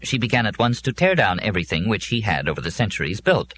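A man's voice: fairly low pitch, very animated, quick pace, a bit bright, a little hiss or hum. A man voicing a pedantic, long-winded male robot that lectures with precision. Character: fussy pedantic male robot, wordy and earnest.

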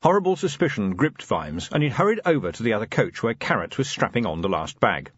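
A man narrating an audiobook in a dry, measured storytelling manner. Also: lowish voice, very animated, a bit bright, slightly rough, dry recording. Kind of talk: scripted narration. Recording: slightly dull, muffled audio.

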